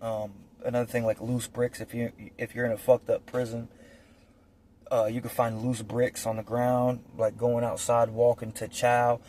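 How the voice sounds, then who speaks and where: A man's voice: mid-range voice, completely flat delivery, moderate pace, darkish tone, a little hiss or hum. A man telling prison stories in a blunt, profane, rambling way with lots of fillers, as a casual monologue recorded on a phone. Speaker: storyteller recounting prison life.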